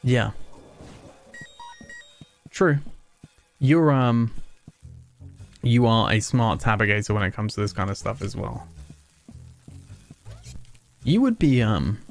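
A man's voice: lowish voice, expressive, takes it slowly, pauses often, faint music behind. A man streaming a video game, chatting casually in a rambling, self-mocking way with frequent chuckles. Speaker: gaming streamer. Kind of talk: casual let's-play commentary.

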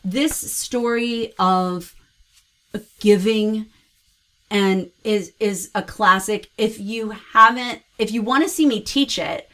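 Woman gushing about kids books, chatty and expressive, giving read-aloud tips. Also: medium pitch, slow pace. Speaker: host reviewing children's books. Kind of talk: casual book review with read-aloud tips.

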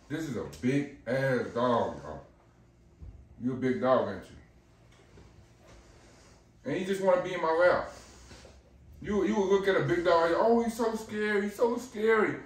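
A man's voice: mid-range voice, distant mic. Guy vlogging at home w his dog, slangy and laid back, echoey room, drifts off mic sometimes. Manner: loose slangy talk, coaxing the dog. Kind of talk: casual vlog with his dog.

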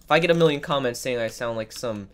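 A woman with an extremely low voice speaks quickly, with slight background noise. A gaming video creator, she's sick, sounding nasal and congested, and gives sarcastic, dramatic commentary full of exclamations and mock complaints.

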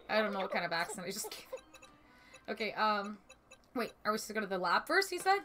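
Bright excitable woman streamer. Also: mid-range voice, quick pace, long pauses, faint music behind. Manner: excitable, swears freely, sudden loud exclamations. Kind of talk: casual gaming commentary.

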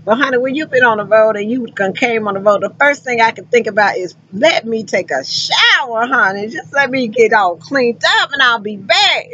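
A woman's voice: fairly high pitch, expressive, moderate pace, bright, forceful tone, breathy edge, highs cut off. A woman truck driver and recruiter talking casually to her viewers, effusive and folksy, calling them honey and child. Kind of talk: casual vlog talk to viewers.

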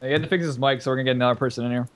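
A man's voice: medium pitch, fairly even intonation, very fast. A young man co-hosting an online gaming chat and handling the callers in an upbeat, chatty way. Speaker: co-host taking calls. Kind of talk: casual chat.

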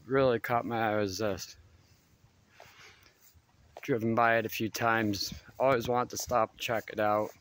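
A man's voice: on the low side, steady tone, a little slow, long pauses, fairly bright tone, a little hiss or hum. A man vlogging casually outdoors while climbing a hill, out of breath and chatting to his viewers. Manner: chatty, addresses viewers directly. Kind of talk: casual walking vlog. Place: outdoors on a hilly school campus.

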